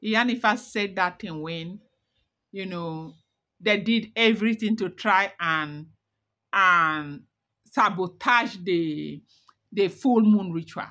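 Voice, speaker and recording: A woman's voice: medium pitch, slow pace, sharp tone. A woman narrating celebrity gossip in a dramatic, repetitive, emphatic way.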